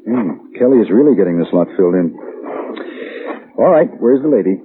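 An actor playing a patient, gently mocking father in a 1940s radio drama, heard on an old tinny broadcast. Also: fairly low pitch, animated, a little fast, husky. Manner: dry and indulgent, gently mocking. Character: patient, teasing middle-aged father.

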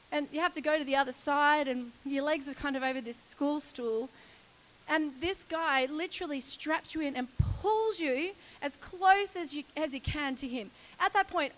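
High-voiced woman telling a lively story. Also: rough recording. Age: 40s. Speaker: church speaker. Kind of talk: personal story in a sermon.

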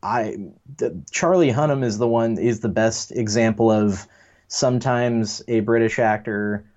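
A man's voice: on the low side, fairly even intonation, measured pace, a little mellow, muffled recording. A man from the United States co-hosting a podcast, chatting casually and rambling through strong opinions with some self-deprecation. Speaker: podcast co-host. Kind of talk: casual chat.

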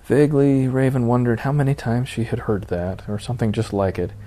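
A man reading a novel aloud as its narrator, in steady storytelling. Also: medium pitch, a little fast. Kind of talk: audiobook narration.

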